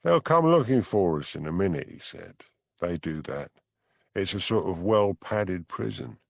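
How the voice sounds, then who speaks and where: A man's voice: sits low, lively intonation, measured pace, creaky, no echo, heavily acted. A man voicing a spry, cheeky eighty-eight-year-old ex-convict with a faint Cockney accent who slips into a posh drawl. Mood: amiable. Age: 80s. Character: spry elderly male ex-con, cheeky and amiable.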